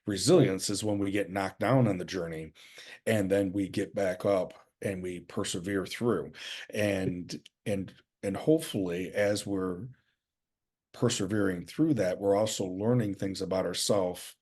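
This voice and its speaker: A man hosting a podcast interview, thoughtful and affirming, speaking with halting fillers. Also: deep voice, darkish tone, breathy edge. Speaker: podcast host.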